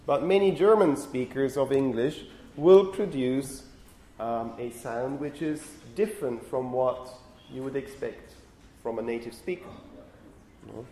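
A man lecturing university students on phonetics, lively and often putting questions to the class. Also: mid-range voice, measured pace, slight background noise. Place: lecture hall. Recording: echoey lecture hall.

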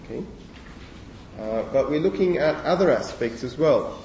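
Lecturer in an echoey hall, heard from afar. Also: male voice, on the high side, expressive, moderate pace, darkish tone, distant mic, slight background noise. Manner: thinking aloud, frequent okays and fillers, self-correcting. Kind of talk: university lecture.

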